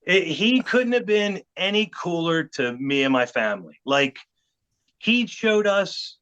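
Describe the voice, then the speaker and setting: A man's voice: high-pitched, unhurried, clean tone. A middle-aged man, a podcast guest telling an anecdote and acting out the quotes of other people. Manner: animated, acts out quotes of others. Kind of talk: storytelling anecdote. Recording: dull lo-fi podcast audio.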